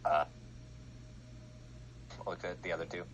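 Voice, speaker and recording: A man's voice: low voice, flat delivery, measured pace, fairly bright tone. A man playing in a casual tabletop game, jokey and prone to swearing, with faint background noise. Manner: joking, swearing, laughs a lot. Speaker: player.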